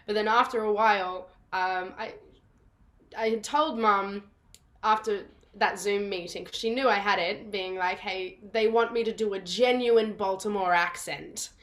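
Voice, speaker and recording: A woman's voice: medium pitch, normal speed, fairly bright tone. A young woman, a theatre actress telling stories in a casual interview over a video call, bubbly and laughing often. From Australia. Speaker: guest, musical theatre actress.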